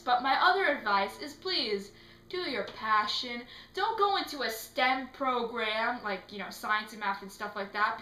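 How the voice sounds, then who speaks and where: A teenage girl answering interview questions in a casual, animated way, acting out little scenes as she talks. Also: a little high. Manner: animated, acts out quotes in put-on voices. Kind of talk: casual chat. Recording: echoey room.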